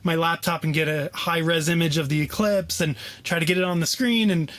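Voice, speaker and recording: A young man sits at a close studio mic as a podcast guest and tells his story with real energy. His voice sits a little high for a man, and he keeps leaning on "like" and "you know." The room sounds dry, with no echo. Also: brisk. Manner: animated, leans on "like" and "you know". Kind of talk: casual storytelling interview.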